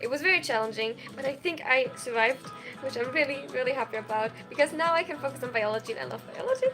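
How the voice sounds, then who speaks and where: A young woman with a high, bright-pitched voice talks casually on a live stream, reading chat messages aloud and reacting with quick bursts of excitement. She sounds tired from lack of sleep, with faint music playing behind her in a small dorm room. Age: young adult.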